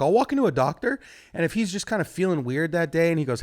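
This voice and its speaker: A young man works through a stand-up set in a rambling, foul-mouthed way. His fairly high voice swings widely in pitch and leaps into loud outbursts. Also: quick pace. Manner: profane, rambling, animated delivery with sudden loud jumps. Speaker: stand-up comedian.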